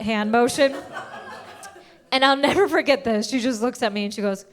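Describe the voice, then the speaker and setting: Woman stand-up comic with a high voice, doing animated storytelling with big pitch leaps. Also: fairly quick, a crowd in the background. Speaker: stand-up comedian. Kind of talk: stand-up comedy set. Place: comedy stage.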